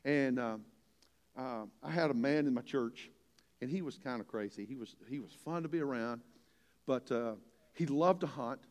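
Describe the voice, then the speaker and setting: A man's voice: medium pitch, normal speed. An older man preaching a sermon as a pastor, folksy and earnest, building to emphatic points. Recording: long hall reverb.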